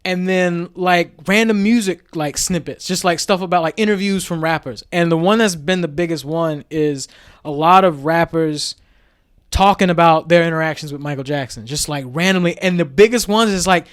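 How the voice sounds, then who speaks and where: Speaking at a normal pace in a clean, somewhat high voice, a young man co-hosts a laid-back podcast conversation. His storytelling is lively, punctuated by frequent laughter and impressions of what people told him.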